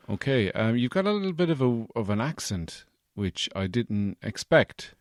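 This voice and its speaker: A man hosting a comedy podcast, talking in a deadpan, hesitant way with plenty of fillers. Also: mid-range voice, moderate pace, few pauses, dry recording, studio quality. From Irish Midlands. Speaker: podcast host.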